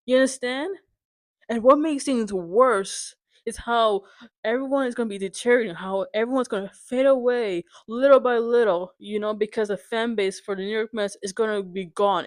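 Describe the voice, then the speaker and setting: A woman's voice: a little high, no echo. Angry swearing young woman ranting. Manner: exasperated, swearing, repeats "you understand?". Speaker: vlogger. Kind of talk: angry sports rant.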